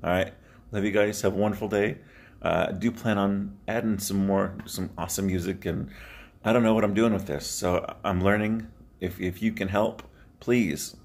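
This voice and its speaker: A man speaking straight to his viewers in an earnest, heartfelt vlog monologue, often pausing with sighs and repeating words as he searches for them. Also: lowish voice, fairly even intonation, darkish tone. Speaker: motivational video creator.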